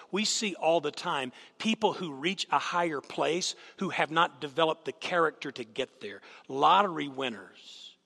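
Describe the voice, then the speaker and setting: Preaching as a visiting speaker, this man tells lively stories and asks the congregation questions. He sounds slightly high, creaky, pushed and bright, and the church sanctuary gives the audio a long, echoing hall reverb.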